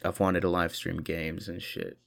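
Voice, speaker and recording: A young man hosting a solo podcast, rambling and swearing, with sudden loud mock-indignant bursts. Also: low-pitched, little pitch movement, unhurried, gravelly. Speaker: podcast host. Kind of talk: solo comedic rant.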